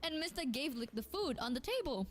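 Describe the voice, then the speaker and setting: Woman streamer, casual storyteller, high and lively. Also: a little fast. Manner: animated, laughing, acts out friends' lines.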